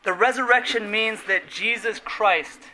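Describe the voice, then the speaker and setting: A man delivers a sermon with a high, strikingly bright and forceful voice. He preaches earnestly and with emphasis, slowing on key words. His phrase endings drop away softly. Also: a little hiss or hum, low-quality recording.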